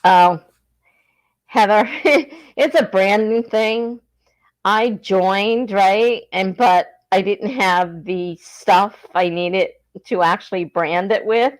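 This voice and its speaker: Her pitch sits in the middle and she takes her time. She's a livestream host from southern New Jersey, South Jersey accent and all, chatting, laughing frequently and reading out viewer comments.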